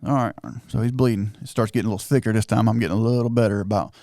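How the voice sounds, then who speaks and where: A man telling a hunting story on a podcast, excited and animated, acting out what everyone said. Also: lowish voice, racing, dry recording, studio quality. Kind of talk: casual storytelling chat.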